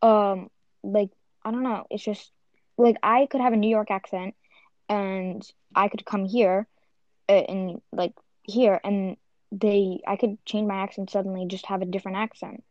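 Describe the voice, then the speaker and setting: A woman's voice: medium pitch, flat delivery, a little slow, dry recording, lo-fi sound. A young woman chatting casually with friends, rambling with lots of restarts and fillers. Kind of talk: casual chat among friends.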